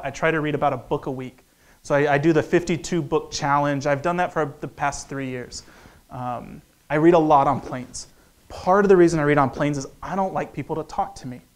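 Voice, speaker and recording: A man in his thirties giving a joking, conversational economics lecture to an audience, acting out little dialogues. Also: on the high side. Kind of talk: lively lecture talk.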